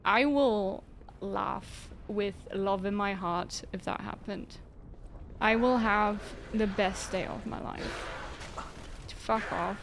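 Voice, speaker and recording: A woman's voice: mid-range voice, slow pace, vocal fry, noisy background. A woman streaming a game and chatting casually, joking and laughing often as she tires from playing on a dance pad. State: tired from exertion. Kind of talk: casual live-stream chat while gaming.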